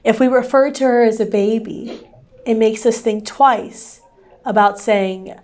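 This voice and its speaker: A woman activist answers a question from the audience. She speaks in a measured, explanatory way, building her argument point by point. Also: on the high side, a little mellow. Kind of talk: public debate answer.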